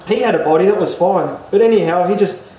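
A man who's an interview guest tells a casual story in a roomy space, rambling with many fillers and restarts. His voice sits high and dark, he talks fast, and there's slight background noise; the mic is distant, with faint ambience.

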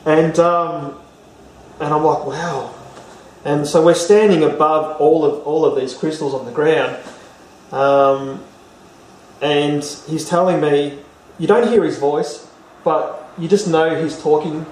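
A man's voice: a little high, steady tone, slow pace, darkish tone, slight background noise. Man telling a story in a roomy space. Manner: rambling, with many fillers and restarts. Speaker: interview guest. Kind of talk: casual storytelling. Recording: roomy, distant mic, faint ambience.

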